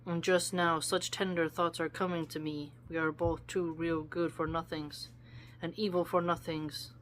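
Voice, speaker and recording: A reader giving voice to Life as a teasing woman, gentle plain reading, mid pitch, faint hum behind. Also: flat delivery, moderate pace, close to an everyday voice. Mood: coaxing. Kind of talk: read-aloud quotation.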